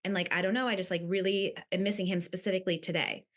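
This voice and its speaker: A woman's voice: on the low side, level tone, quick pace. A woman guest on a podcast in casual chat, rambling through stories with many fillers.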